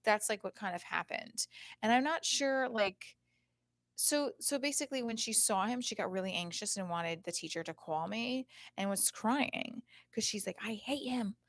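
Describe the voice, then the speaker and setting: A woman's voice: mid-range voice, moderate pace, no echo, clean studio sound. A woman in her thirties hosting her own podcast in a casual, candid and rambling monologue, swearing freely and using many fillers. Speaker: podcast host. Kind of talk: casual live-stream monologue. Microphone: home setup, streaming and recording at once.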